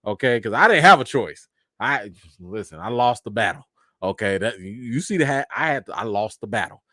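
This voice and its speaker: A man's voice: lowish voice, a little fast, no echo, studio quality. A man hosting a casual live stream, reading viewer comments aloud and thanking each viewer, with frequent laughs and big rises in his voice. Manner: animated, laughs often, thanks viewers one by one. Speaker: livestream host.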